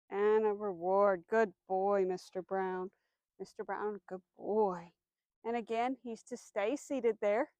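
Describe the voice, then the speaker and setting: Outdoors, a woman dog trainer with a medium-pitched voice gives a demonstration, clearly explaining each step. She gives the dog firm commands and soft praise, and the recording is dry.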